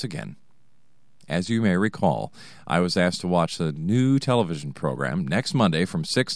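A man's voice: low-pitched, sing-song, normal speed, creaky, dry recording, studio quality. An American man with a wry, sarcastic, digressive manner, telling a comic personal story. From United States. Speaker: narrator, host.

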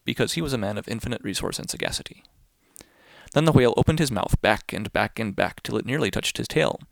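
A man reads a children's story aloud in a playful, singsong way, his voice swooping widely with a gravelly texture. He turns to the listener with little asides. The recording is close and dry. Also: mid-range voice, fairly bright tone, dry recording. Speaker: narrator.

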